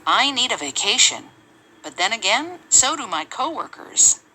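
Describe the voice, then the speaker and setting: A woman reading English example sentences aloud in a measured, lively way for a lesson. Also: a little high, a little hiss or hum, poor audio.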